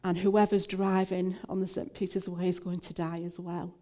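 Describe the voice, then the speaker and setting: Older woman telling a story, mellow voice. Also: on the low side, flat delivery, moderate pace. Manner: warm storytelling with many fillers and restarts. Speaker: minister. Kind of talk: personal testimony talk.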